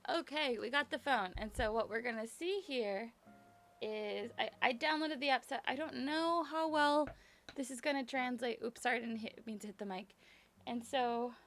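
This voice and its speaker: A woman's voice: a little high, a bit bright, faint music behind. Chatty young woman streaming from her room. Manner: chatty, apologetic, rambling; brisk work voice. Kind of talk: casual live-stream chat. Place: home bedroom.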